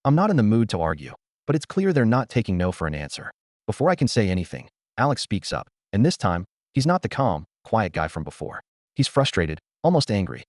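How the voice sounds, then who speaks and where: A man's voice: on the low side, very animated, fairly quick, dry recording, studio quality. A man narrating a scripted first-person story in an earnest, conflicted way.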